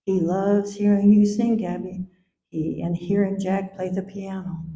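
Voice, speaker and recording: An older woman speaks at a memorial in a slow, tender, mellow voice. Her voice rings with echo off the hall, and the recording sounds a little dull. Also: medium pitch, level tone, a little hiss or hum. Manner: slow, gentle and tender, sometimes singing softly. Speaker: mother giving a eulogy. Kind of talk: memorial speech.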